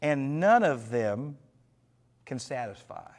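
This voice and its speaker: A man's voice: mid-range voice, sing-song, darkish tone. Earnest man teaching a Bible study. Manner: earnest, slows down and drops his voice for emphasis, asks the group questions. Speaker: pastor.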